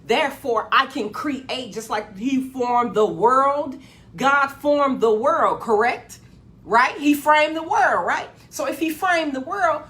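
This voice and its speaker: A woman giving a live-streamed motivational talk in a preachy call-and-response way, repeating her phrases and swinging from loud excitement to a low voice. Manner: gets loud with excitement, then drops low. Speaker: motivational speaker.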